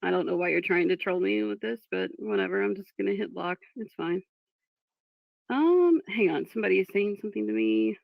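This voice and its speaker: A woman's voice: medium pitch, brisk, gravelly, dry recording. A woman talking casually on a live stream, frustrated and distracted while reading chat and apologizing. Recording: dull dry lo-fi mic.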